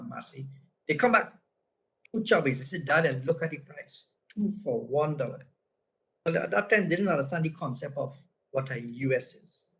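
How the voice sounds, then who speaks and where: On a low-quality recording, a man from Trinidad speaks with a highish, somewhat bright voice marked by vocal fry. He presents a business lesson through laid-back anecdotes, conversational in tone and full of "right?" tags.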